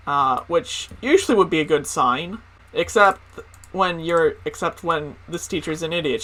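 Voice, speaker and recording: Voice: medium pitch, sharp tone. A young adult telling funny school stories in a casual, profane way, full of "like" fillers. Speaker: storyteller. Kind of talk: comedic personal storytelling.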